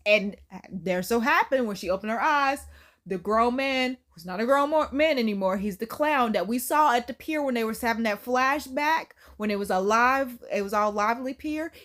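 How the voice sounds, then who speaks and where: A high-voiced woman recaps a film in a loose, chatty way. She talks with animated slang and frequent laughs. Her voice sits noticeably high for a woman. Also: normal speed. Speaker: YouTube film reviewer. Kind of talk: casual movie recap.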